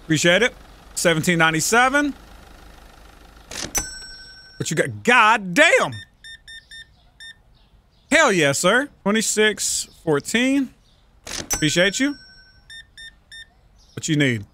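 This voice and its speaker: A man's voice: high voice, very animated, takes it slowly, long pauses, sharp tone, a little hiss or hum. A man giving casual, profane let's-play commentary, joking and bantering with the shoppers in a store game. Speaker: gaming channel host.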